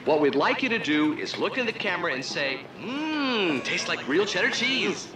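A man's voice: high voice, very animated, normal speed, background noise. An actor playing a pushy male product promoter with coaxing sales patter in a film. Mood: salesy. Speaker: cheese spread promoter filming a commercial.

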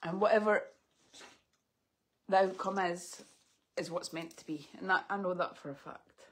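A woman in her thirties, teary and soft-spoken as she chats through opening parcels live. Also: lowish voice, moderate pace. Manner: tearful, soft-spoken, sniffly. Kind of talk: emotional live unboxing chat.

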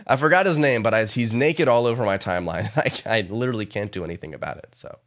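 A young man streaming a casual reaction to an album, excitable, swearing often and joking. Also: lowish voice, fast talker. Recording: faint pop music underneath. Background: pop music playing.

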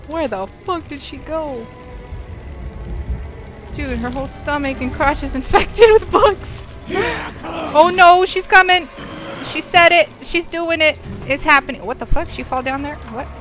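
A young woman commenting on a horror game as she plays, swearing freely and shrieking when startled. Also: high voice. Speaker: let's play gamer. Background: game music.

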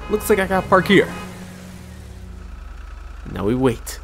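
Gameplay host, upbeat man, pitch on the higher side. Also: big pitch swings, takes it slowly, creaky, fairly bright tone. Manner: upbeat, self-narrating. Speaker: gaming channel host. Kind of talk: casual gameplay commentary. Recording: voice over game music.

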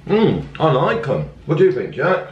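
A man's voice: fairly high pitch, wildly swooping pitch, moderate pace, muffled recording. A man, chatting upbeat to viewers as he reviews snacks in a casual family vlog. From England. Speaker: family vlogger. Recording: echoey room, faint background noise.

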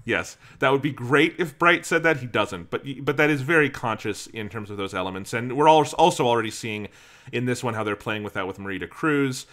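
A man co-hosting a podcast in casual chat, talking in a measured, analytical way. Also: medium pitch, expressive, fairly bright tone. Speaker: podcast co-host.

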